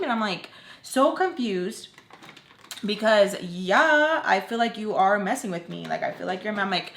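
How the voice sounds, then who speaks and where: A young woman in her twenties telling an emotional storytime for her vlog, animated and dropping in Spanish slang. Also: medium pitch, a little slow, creaky. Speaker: vlogger. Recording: echoey room.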